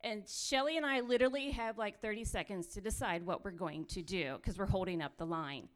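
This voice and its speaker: A woman telling her own mission trip story with lively, run-on phrasing, laughing often as she goes. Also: mid-range voice, fairly quick. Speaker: missionary sharing testimony. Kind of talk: animated personal storytelling.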